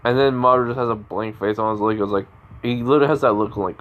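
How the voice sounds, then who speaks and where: A man's voice: fairly low pitch, racing, muffled recording. A man telling an improvised fan-fiction story in a rambling way, with frequent restarts and self-corrections.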